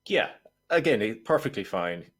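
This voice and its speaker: A man's voice: on the low side, very animated, normal speed, fairly bright tone, slightly rough. A man co-hosting a podcast, giving wry, opinionated takes on a film. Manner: wry, opinionated, acts out quips. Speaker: podcast co-host. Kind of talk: casual film review chat.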